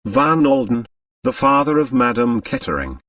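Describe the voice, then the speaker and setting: A man's voice: mid-range voice, very animated, normal speed, fairly bright tone, dry recording. A man voicing the detective Hercule Poirot, speaking with neat, precise intonation. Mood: polite. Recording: dry, slightly distant mic.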